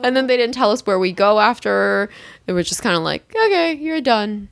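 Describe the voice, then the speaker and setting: A young woman casually telling a story, acting out quoted lines with a jump in pitch and frequent laughs. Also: fairly quick, vocal fry, no echo. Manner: animated, acts out quotes with rising pitch and laughs. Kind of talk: casual chat.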